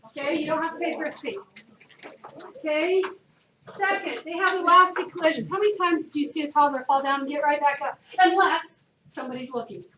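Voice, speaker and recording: A woman chemistry teacher lectures her class in a lively, chatty way, quizzing the students as she goes. Her voice is high-pitched and fairly quick. The mic is distant, picking up room echo and noise.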